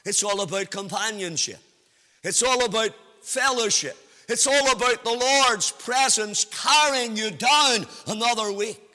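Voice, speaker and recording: A man preaches at a slow, deliberate pace, his voice high and very bright. His phrases rise into a sing-song lilt and stretch out for emphasis. The sound rings with the long reverb of a church hall. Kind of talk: sermon.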